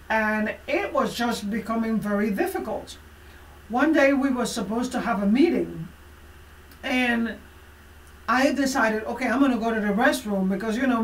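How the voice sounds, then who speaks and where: A woman life coach telling a motivational personal story, emphatic and expressive, with frequent fillers. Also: on the high side, far from the mic. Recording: roomy echo from away from the mic.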